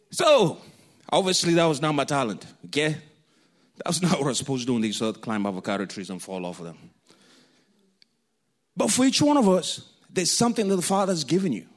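A man from Kenya, preaching a sermon through animated, jokey personal stories. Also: mid-range voice. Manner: animated, jokey storytelling, laughs often.

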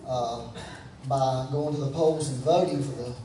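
A man's voice: medium pitch, steady tone, unhurried, mellow, a little hiss or hum. Guy preaching, folksy and chatty, mic kinda far off, echoey church. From United States. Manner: conversational, folksy, calls for audience responses. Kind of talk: sermon. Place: church sanctuary. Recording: roomy, from a distance with faint background.

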